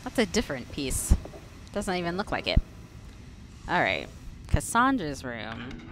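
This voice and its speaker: A woman's voice: sits low, wildly swooping pitch, a little slow, noisy background. A young woman playing a horror game and joking as she talks to herself and her viewers. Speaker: game streamer. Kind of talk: casual gameplay commentary.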